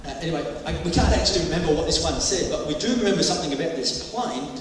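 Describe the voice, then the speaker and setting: A man's voice: fairly high pitch, animated, racing, a crowd in the background. A man preaching a sermon, telling anecdotes with jokey asides and little voices. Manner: anecdotal, jokey, with bursts of mimicry. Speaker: pastor. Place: church hall. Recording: echoey hall, mic from far off.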